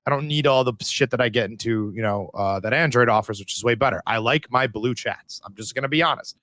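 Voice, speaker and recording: A man co-hosting a podcast, telling stories in a loose, animated way and swearing often. His voice sits at an ordinary middle pitch, and the sound is close and dry with no room around it. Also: a little fast, dry recording. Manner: profane, animated storytelling. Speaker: podcast co-host. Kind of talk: casual chat.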